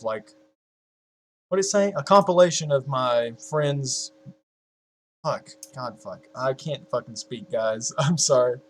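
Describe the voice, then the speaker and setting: A young man in his early twenties talks to his viewers at a home desk mic in a loose, rambling way. He swears constantly, trails off into restarts and breaks into laughs at his own jokes, all in a mid-pitched voice. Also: a little slow, pauses often, slight background noise. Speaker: YouTuber. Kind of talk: casual chat to viewers.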